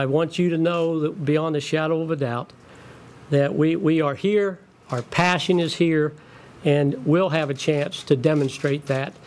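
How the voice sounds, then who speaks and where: A man's voice: fairly high pitch, darkish tone. A middle-aged man giving an earnest, emphatic press conference speech as a new athletic director, repeating words for stress.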